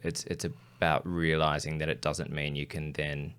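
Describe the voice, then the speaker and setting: Male podcast host, very low pitch, easygoing and measured, quick to agree. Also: level tone, a bit bright, clean tone. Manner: agreeable listener, short backchannels, measured summaries. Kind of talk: casual podcast chat.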